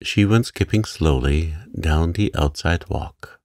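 A man gently narrating a sleep story for adults in a calm, unhurried reading. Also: extremely low pitch, no echo, clean studio sound.

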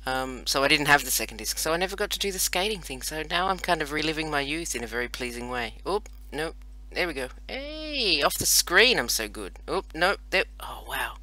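Gaming and joking about himself, an Australian man around forty delivers casual, playful commentary as a let's play host. His voice is a little high, sing-song, bright and forceful, and a little fast.

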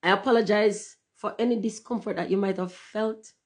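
A woman hosting her channel talks candidly to viewers in a casual livestream monologue, with fairly even intonation and a moderate pace. She curses freely, swings between loud emphasis and low murmurs, and drifts into patois phrasing.

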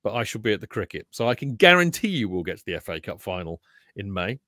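A man co-hosting a football podcast in casual chat, chatty with quick jokey asides. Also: on the low side, very animated, pushed and bright, no room sound, clean studio sound. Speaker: podcast co-host.

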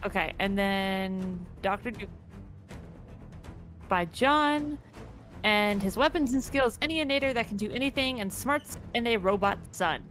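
A woman's voice: mid-range voice, expressive, measured pace, a bit bright, faint music behind. A woman co-hosting an online game night in casual chat, reading out character entries and laughing easily. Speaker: co-host of an online AI battle game.

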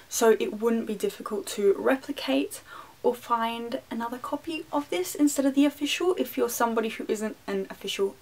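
A woman's voice: a little high, normal speed. A young Australian woman chatting casually through an unboxing video, rambling with apologetic, self-deprecating asides. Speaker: wand collector and vlogger.

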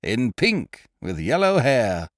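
A man's voice: medium pitch, wildly swooping pitch, slow pace, no echo, clean studio sound. A man voicing a fussy, anxious young government clerk who talks in a fretful, precise way.

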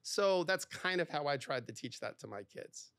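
A middle-aged man talking on a podcast, his fairly high voice leaping up and down as he tells stories. Dry, close studio sound, with no room around it. He talks in quick bursts, full of fillers, and slips into acted-out dialogue. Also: no room sound. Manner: animated, talks in bursts with many fillers, acts out quoted dialogue. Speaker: divorce lawyer, podcast guest. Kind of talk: podcast interview, conversational storytelling.

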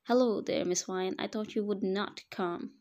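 A woman's voice: fairly high pitch, moderate pace, a little mellow, close to an everyday voice. Woman reading out a sarcastic older man, a project manager who mocks and needles, in a storybook narration. Her own plain voice carries the sneer. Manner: sarcastic, mocking.

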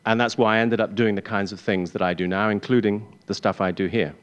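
An English man telling a wry, self-deprecating personal story on stage before a live audience, with halting restarts. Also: on the low side, steady tone, clean tone. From England.

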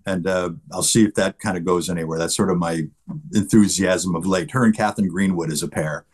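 Husky-voiced middle-aged actor, easygoing. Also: male voice, deep voice, steady tone, fairly quick, darkish tone. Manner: easygoing, anecdotal, chuckling. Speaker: guest actor. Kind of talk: casual interview chat.

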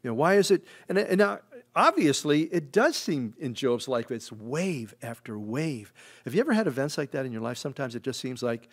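Conversational pastor preaching with halting restarts. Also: male voice, mid-range voice, very animated. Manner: conversational, halting, with many restarts and acted-out quotes. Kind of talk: expository sermon. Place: church sanctuary.

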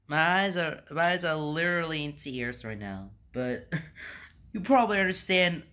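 A man's voice: fairly high pitch, pushed and bright. A man hosting a reaction video, laughing helplessly to the point of tears as he talks. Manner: helpless laughter, talking through giggles. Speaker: channel host.

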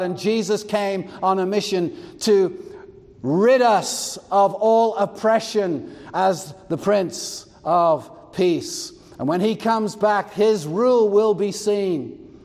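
A man's voice: sits high, a little mellow, long reverb tail. A male pastor preaching a sermon in an emphatic, expository way with asides.

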